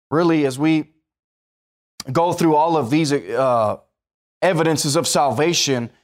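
A man, sounding, preaching a sermon in a conversational way that rises to emphatic bursts and puts questions to the listeners. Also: medium pitch.

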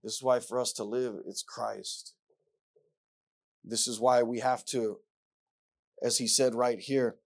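A man preaching a sermon, repeating himself and rising from quiet passages to loud ones. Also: mid-range voice, steady tone, takes it slowly, vocal fry, pauses often.

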